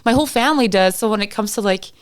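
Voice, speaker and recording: A woman's voice: medium pitch, fast, clear, resonant tone. A woman guesting on a podcast in casual chat, telling stories full of fillers and acted-out quotes. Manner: chatty storyteller, acts out quotes, many fillers like "like".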